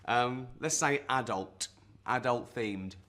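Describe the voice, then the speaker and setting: A man in his 40s with a medium-pitched voice speaks slowly in a pushed, bright tone. He's an actor playing a self-deluded middle-aged sales rep who fancies himself a guitar teacher, rambling awkwardly through a comic mock lesson with plenty of ums and nervous chuckles. The mood is awkward and boastful.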